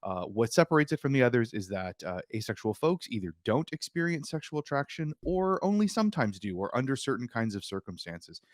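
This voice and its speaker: Man explaining in a relaxed interview, dry. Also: mid-range voice, a little fast, hardly any pauses, no room sound. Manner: explanatory, warm enthusiasm, frequent fillers. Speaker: author and guest. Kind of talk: casual interview chat.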